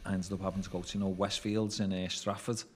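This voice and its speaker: This low-pitched man from Merseyside, England, speaks quickly with little pitch movement in a Scouse accent. A former prisoner and interview guest, he tells stories casually, swearing freely and acting out what people said.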